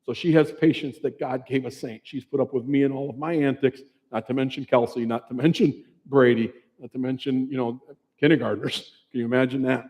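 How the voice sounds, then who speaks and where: In a big presentation hall thick with long reverb, a fifties-aged father who lost a child tells his story in an earnest, conversational talk. His medium-pitched voice is a little mellow, fairly quick, and fairly even in intonation.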